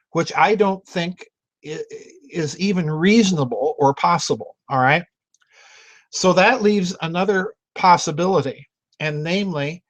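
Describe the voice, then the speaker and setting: A man with a fairly high, slightly bright voice hosts a members' video chat, answering questions emphatically and speaking straight to the listener. He often restarts words, repeating them as he goes. The video-call audio is dry, with no room sound, and it plays as vidchat commentary.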